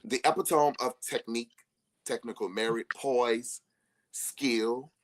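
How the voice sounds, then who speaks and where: Over slight background noise, a young guest on a relaxed live stream speaks a little slowly in a mid-range voice. He tells stories with frequent laughter, animatedly imitating the people he quotes.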